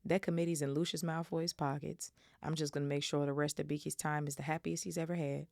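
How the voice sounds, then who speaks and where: A woman voicing a big, gentle, heartbroken groundskeeper while reading a novel aloud. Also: sits low, flat delivery, fast, gravelly, no room sound, studio quality. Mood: sad.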